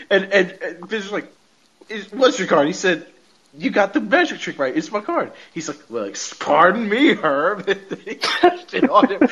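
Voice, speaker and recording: A man's voice: high-pitched, dull audio. A man hosting a podcast, retelling a TV episode in casual chat, laughing often and quoting the characters. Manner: animated retelling with frequent laughter and quoted lines. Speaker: podcast host.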